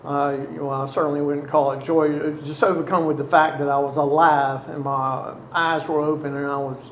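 A man's voice: fairly high pitch, flat delivery, reverberant, highs cut off, slight background noise. Reflective man. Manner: halting, reflective, many pauses. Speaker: storyteller recounting past addiction. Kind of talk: personal testimony.

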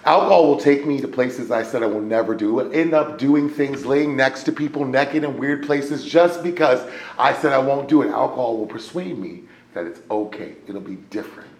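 A man from the United States speaking to a recovery meeting, talking casually with lots of fillers, sometimes hushed and sometimes shouting. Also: medium pitch, moderate pace. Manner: animated, swings from hushed to loud shouting; conversational, many fillers and "right?". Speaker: AA speaker sharing his story. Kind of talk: recovery share to a live meeting. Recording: roomy echo, faint room noise.

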